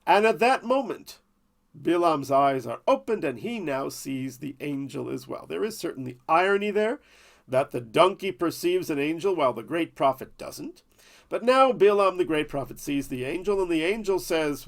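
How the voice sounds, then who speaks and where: A man's voice: a little high, lively intonation, moderate pace, gravelly. A man telling a Bible story as a lesson, with playful, jokey asides. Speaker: Torah teacher.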